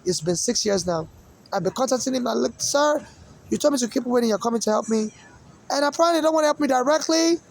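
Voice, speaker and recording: A man's voice: very high-pitched, creaky, a little mellow, slight background noise, poor audio. A man from Nigeria with an accent that mixes Nigerian and American English, rambling through a personal monologue and circling back to the same points again and again. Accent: mixed Nigerian and American English.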